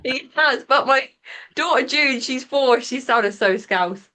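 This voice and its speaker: A woman's voice: high-pitched, takes it slowly. Chatty mother on a podcast call. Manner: chatty, laughs often, animated when mimicking her kids. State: sore teeth from new retainers. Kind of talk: casual chat.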